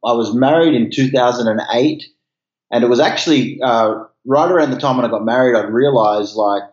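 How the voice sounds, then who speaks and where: A man's voice: medium pitch, brisk. A man from Australia with an Australian accent, chatting casually as an interview guest. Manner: relaxed, uses Australian slang. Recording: echoey, muffled remote line.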